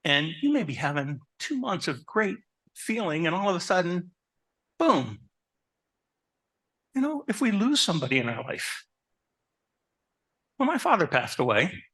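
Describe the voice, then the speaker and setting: A man who works as a therapist, giving a lively talk to an audience, asking them questions and telling stories about his own life. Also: fairly high pitch, breathy edge. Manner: animated, asks the audience questions; personal anecdotes, conversational. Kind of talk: live presentation to an audience.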